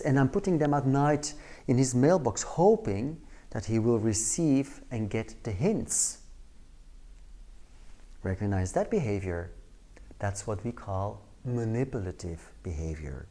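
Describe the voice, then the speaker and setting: A man giving a training lecture, telling an everyday story in an animated way and acting out the scenes. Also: medium pitch.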